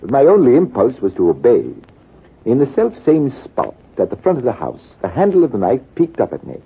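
A composed army major in a 1940s radio play, telling his war story in a measured way. His husky voice rises and falls in a lively way. The recording is thin and tinny. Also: medium pitch, full character voice. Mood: calm. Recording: tinny, lo-fi old radio broadcast.

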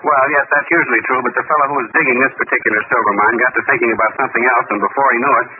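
A man's voice: medium pitch, steady tone, racing, narrow, tinny audio, noisy background. A man as a radio comedian in a 1930s broadcast comedy dialogue, spinning bumbling absurd tall tales.

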